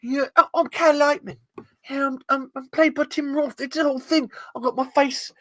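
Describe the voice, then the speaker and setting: A man voicing a middle-aged TV lie-detector character, shouting accusations in a high, strained voice. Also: fairly even intonation, moderate pace, no echo. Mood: accusing.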